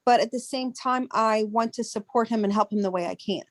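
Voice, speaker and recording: A woman's voice: on the high side, a little fast, dry recording. A woman child care teacher asking a question on a webinar, hesitant and searching for words. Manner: hesitant, searching, with many restarts.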